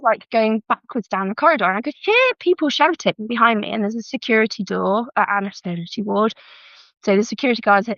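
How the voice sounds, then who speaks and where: A young woman from Britain with a British English accent and a voice on the high side guests on a podcast, recorded on a dry, slightly muffled close mic without echo. Lively and casual, she tells her birth story and acts out what others said using "I was like".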